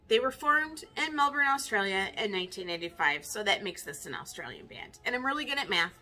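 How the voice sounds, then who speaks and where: Bright, wry woman in her fifties. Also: on the high side. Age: 50s. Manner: chatty, wry and self-mocking. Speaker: record collector. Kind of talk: casual vinyl tag video.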